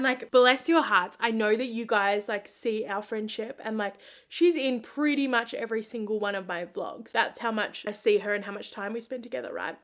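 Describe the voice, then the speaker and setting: A young woman chatting earnestly while doing her makeup at home, full of "like" fillers and restarts. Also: on the high side. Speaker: vlogger. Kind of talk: casual get-ready-with-me chat.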